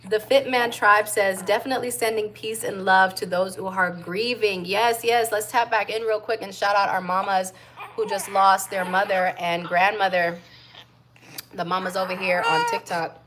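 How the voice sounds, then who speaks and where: A young American woman and mom chatting casually on a livestream, reading viewer comments and giving shout-outs to other moms. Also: mid-range voice, fairly even intonation, normal speed, a little hiss or hum. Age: young adult. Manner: warm chatty shout-outs, coos baby talk to her infant.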